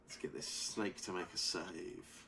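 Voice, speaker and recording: A man running a tabletop game as game master, narrating monster attacks in a relaxed way with frequent laughs and ums. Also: deep voice, a little slow, gravelly, slightly rough.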